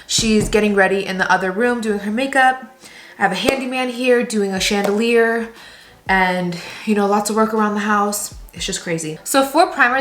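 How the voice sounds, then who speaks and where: A woman's voice: medium pitch, a bit bright, a little hiss or hum. Chatty young woman in an echoey room. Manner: chatty, upbeat product recommendations. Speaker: beauty vlogger. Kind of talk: casual get-ready-with-me tutorial. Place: room at home.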